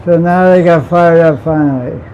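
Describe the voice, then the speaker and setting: A man leads a scripture class at an unhurried pace, with a somewhat high, mellow voice. He keeps it playful, laughing often and quizzing his listeners. The recording is dull and lo-fi, with faint vehicle noise behind him. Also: steady tone.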